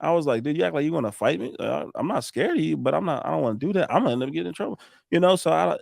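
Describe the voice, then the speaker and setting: A man, a roofing contractor, telling animated stories on a podcast, acting out the dialogue and swearing now and then. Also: fairly high pitch, very fast, gravelly, dry recording, studio quality. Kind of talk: casual storytelling on a podcast.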